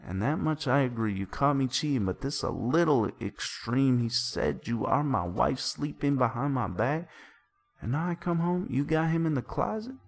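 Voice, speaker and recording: A man voicing a hurt, shrill wife in a comic dramatic reading. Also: expressive, moderate pace, creaky. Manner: shrill and wounded.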